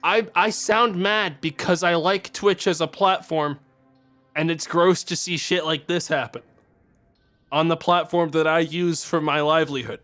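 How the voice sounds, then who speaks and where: Streamer guy ranting mad and sweary, high bright voice, bit of music behind. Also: fairly even intonation, a little slow. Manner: profane, exasperated ranting. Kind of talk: angry live-stream rant.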